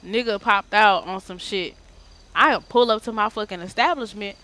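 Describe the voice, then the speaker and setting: A woman streamer telling a casual story time in an animated, slangy, profane way. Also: mid-range voice, normal speed.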